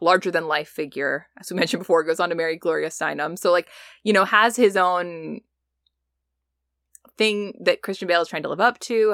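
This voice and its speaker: A woman's voice: sits low, gravelly, fairly bright tone, no room sound, clean studio sound. A woman co-hosting a podcast in casual chat, thoughtful and analytical, full of "like" and "you know". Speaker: podcast co-host.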